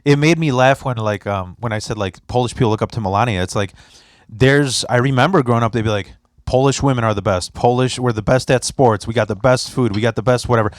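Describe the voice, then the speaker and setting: A man's voice: medium pitch, quick pace, no echo, studio quality. A young adult man hosting a podcast, chatting casually and telling loose, profane stories. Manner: loose, rambling, profane storytelling with put-on voices. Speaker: podcast host.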